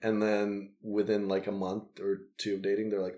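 A man's voice: fairly low pitch, completely flat delivery, moderate pace, dark tone. A man in his thirties, born in the former Soviet Union, chatting casually on a podcast, joking and swearing freely. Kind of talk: casual chat.

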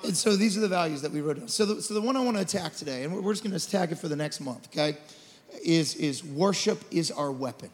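Passionate high-voiced pastor in a hall. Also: male voice, expressive, fast talker. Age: 40s. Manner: passionate, building to shouts then dropping to a quiet storytelling tone. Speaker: lead pastor. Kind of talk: sermon. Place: church auditorium. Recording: church hall reverb.

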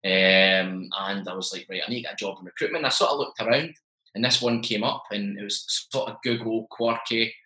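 A young man in his twenties, a guest telling his story in a chatty, animated way and acting out the dialogue. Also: fairly low pitch, fairly quick, roomy sound, rough recording. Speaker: interview guest, business owner. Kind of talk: casual storytelling.

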